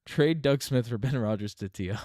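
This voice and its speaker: The young host, from Newfoundland, Canada, has a medium-pitched, darkish voice at a moderate pace and a light Newfoundland accent. Clean studio sound with no room sound captures his rambling live-stream chat, peppered with restarts and laughter.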